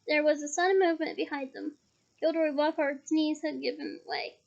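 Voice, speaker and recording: Woman reader, novel read aloud, steady storytelling, high voice, muffled lo-fi. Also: a little fast, vocal fry.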